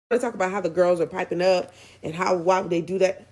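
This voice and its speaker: A woman's voice: on the low side, fairly even intonation, moderate pace, darkish tone. A woman giving a casual, sassy and blunt recap of a reality show, chatty and opinionated. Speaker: recap vlogger.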